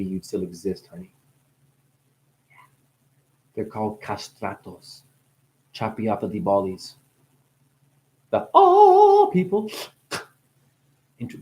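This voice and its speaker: A man in a rambling spiritual monologue, free-associating through wordplay and profanity, dropping to hushed asides and breaking into crooning. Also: lowish voice, slight background noise. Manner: profane, teasing. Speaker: spiritual talker.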